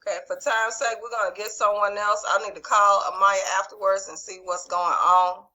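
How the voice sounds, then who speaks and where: A woman's voice: medium pitch, little pitch movement, moderate pace, bright, forceful tone, low-quality recording. A woman teaching over a video call, reviewing a quiz and calling on students by name in an encouraging way. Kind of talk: online class quiz review.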